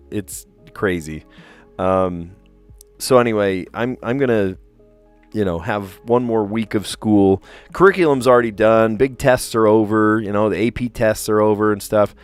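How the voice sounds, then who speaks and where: Speaking at a fairly low pitch, a man in his thirties who works as a teacher hosts a puzzle livestream. His talk is laid-back and conversational, peppered with fillers and easy laughter.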